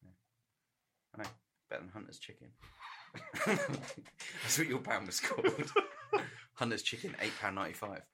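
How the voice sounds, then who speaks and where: A man's voice: on the low side, huge pitch swings, normal speed, long pauses, background noise. A man co-hosting a drunken chat podcast, joking, swearing and giggling. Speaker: podcast co-host. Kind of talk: drunken casual banter.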